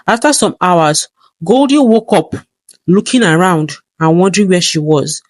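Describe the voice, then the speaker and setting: An even, measured narrator voice reads a folktale aloud. The pitch sits in the middle, and the sound is close and dry with no room around it. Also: no room sound. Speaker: storyteller.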